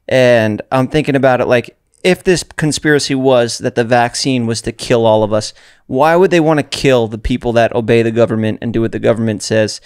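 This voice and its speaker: Podcast host, man, smooth resonant voice, dry close sound, joking banter. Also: mid-range voice, steady tone, no echo. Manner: joking, fast, profane banter. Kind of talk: casual podcast chat.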